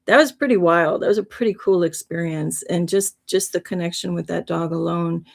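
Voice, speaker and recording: Gravelly earnest woman host. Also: fairly low pitch, moderate pace. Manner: earnest, heartfelt, rambling with restarts. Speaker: livestream host. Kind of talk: casual spiritual storytelling.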